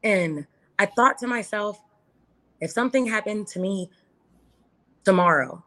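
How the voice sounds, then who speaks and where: A woman's voice: medium pitch, unhurried. A woman in her thirties, a podcast guest talking earnestly and with feeling, acting out quotes in her own words. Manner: earnest and animated, acts out quotes. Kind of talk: casual interview chat.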